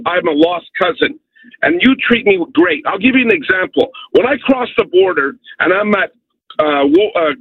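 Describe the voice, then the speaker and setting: A high-pitched man with a gravelly, husky edge calls in to a radio show from Canada. He talks with hammering emphasis and keeps tacking on "okay?" The line is tinny and dry, like a phone call. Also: no room sound. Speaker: caller. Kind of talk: phone-in rant.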